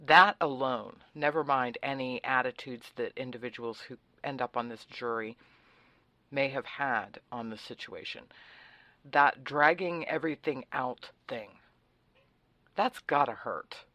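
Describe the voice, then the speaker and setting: A woman's voice: very deep voice, measured pace, sharp tone, no echo. A woman hosting a talk radio show, speaking in a sarcastic, facetious and opinionated way in a conversational monologue.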